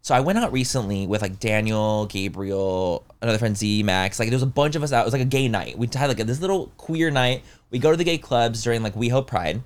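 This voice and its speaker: A young man in casual chat, telling an animated story full of "like" and acting out the lines of others. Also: mid-range voice, a little fast, hardly any pauses. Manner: animated storytelling, heavy use of "like", acts out dialogue. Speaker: storyteller on a podcast.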